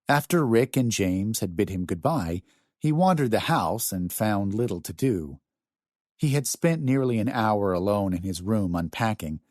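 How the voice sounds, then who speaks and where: Brief: male audiobook narrator, expressive, deep-ish, dry studio sound. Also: no echo.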